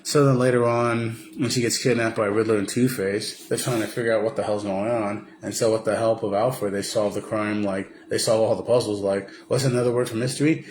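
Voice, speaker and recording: A man's voice: on the low side, fairly even intonation, fairly quick, slight background noise. A man casually recapping a film for a video, rambling with lots of fillers and restarts. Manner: rambling, many fillers and restarts, slips into impressions. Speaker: vlogger.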